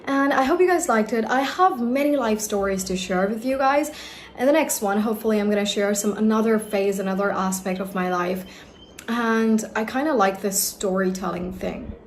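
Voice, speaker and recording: Lively young woman telling her story. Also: mid-range voice, moderate pace, a little hiss or hum. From India. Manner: emphatic, lively, direct advice to viewers. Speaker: accent coach. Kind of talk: personal storytelling vlog.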